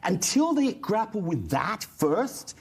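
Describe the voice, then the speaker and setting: A man's voice: high voice, sing-song, slow, loud music behind the voice. A man speaking in a passionate, emphatic way as a guest on a televised panel.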